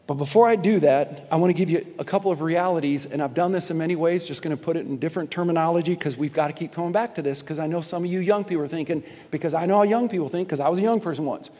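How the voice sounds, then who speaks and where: A man's voice: on the high side, very fast, few pauses, warm tone. A man preaching a sermon as pastor, emphatic and repetitive, calling on the congregation to respond. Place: church sanctuary. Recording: long hall reverb.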